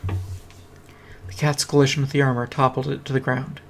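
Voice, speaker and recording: Gravelly man reading a story aloud. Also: mid-range voice, little pitch movement, normal speed, a little hiss or hum. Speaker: reader. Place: home streaming setup. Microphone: streaming mic.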